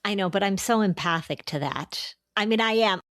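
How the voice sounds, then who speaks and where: A middle-aged woman hosting a podcast, talking in an expressive, encouraging way and explaining with everyday examples. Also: mid-range voice, normal speed, dry recording, studio quality. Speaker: podcast host and anxiety therapist. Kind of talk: casual podcast chat.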